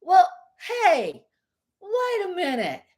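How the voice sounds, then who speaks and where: A woman with a high voice rants straight into her home vlog camera. Her pitch leaps up and down, and she lets some words drag out slowly. She is blunt and rambling, with mild swearing. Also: huge pitch swings, a little mellow. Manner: rambling and repetitive. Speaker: vlogger. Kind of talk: casual vlog rant.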